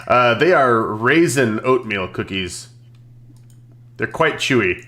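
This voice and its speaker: A man's voice: mid-range voice, expressive, takes it slowly, bright, forceful tone. A man playing a superhero tabletop game, talking in a playful way. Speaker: player.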